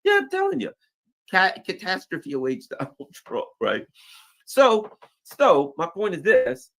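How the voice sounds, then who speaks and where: An animated man talks through world news in a loose, rambling commentary. His pitch swings widely as he gets worked up, and he slips into quick impressions of the people he's quoting. The tone stays casual and conversational throughout. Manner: animated, acts out quoted voices, rambling asides. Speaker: political commentary host.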